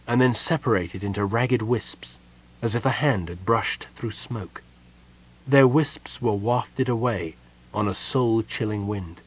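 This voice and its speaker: A man narrating a fantasy audiobook in a steady, measured storytelling manner. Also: on the low side, breathy edge.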